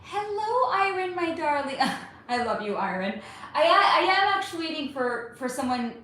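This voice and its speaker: This woman in her thirties, from California, runs a laid-back livestream, welcoming people by name with "honey" and "darling." She speaks at a normal speed in a high, warm voice, animated and talkative, while a very echoey room adds faint background noise.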